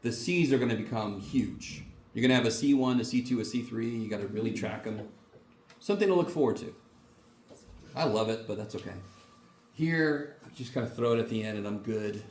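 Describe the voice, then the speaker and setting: A man's voice: medium pitch, a little fast, a little mellow, slight background noise. A man teaching a university math class, casual and joking, swearing freely as he explains. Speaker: math lecturer. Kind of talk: classroom lecture. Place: lecture classroom. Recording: echoey classroom from far off.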